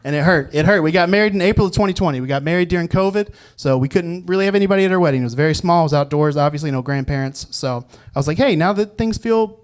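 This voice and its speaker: A man's voice: on the high side, very fast, hardly any pauses, clean tone. A man performing a stand-up comedy set on a club stage, acting out quotes and laughing at his own jokes. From Virginia, US South. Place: comedy club stage before a live audience.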